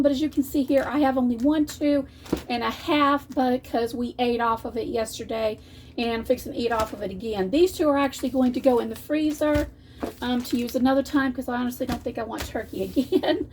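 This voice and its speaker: A woman's voice: high voice, brisk, darkish tone, slight background noise. A woman, chatting folksily in her home kitchen for a cooking vlog. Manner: chatty, folksy, restarts often. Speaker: cooking vlogger.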